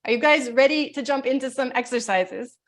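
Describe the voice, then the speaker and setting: Woman coach guiding slow breathing. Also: high voice. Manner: talks fast, then slow and soothing when guiding breaths. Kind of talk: live online workshop, guided breathing. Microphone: video call.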